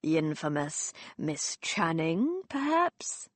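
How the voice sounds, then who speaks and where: A woman voicing a drunken, mocking young Victorian gentleman who talks loudly and slurs his words. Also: deep voice, very animated, slow pace, dry recording, heavily acted. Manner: loud, slurring, teasing.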